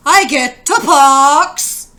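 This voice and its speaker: A woman's voice: high-pitched, drawn-out words, pushed and bright, full character voice. A woman reading aloud as a bumbling old immigrant farmer who tells a comic tale in broken dialect English. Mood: telling a tale.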